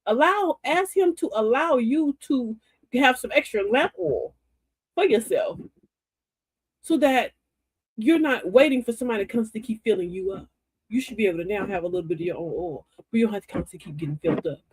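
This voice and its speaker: A woman's voice: on the high side, expressive, brisk, husky, dry recording. An older woman hosting a live stream, giving a folksy, preachy, uplifting talk straight to her chat viewers.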